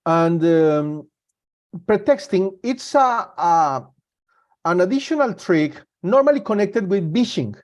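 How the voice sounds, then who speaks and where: Higher-voiced man presenting a security webinar. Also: darkish tone. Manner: halting, repeats and restarts words. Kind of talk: live webinar talk.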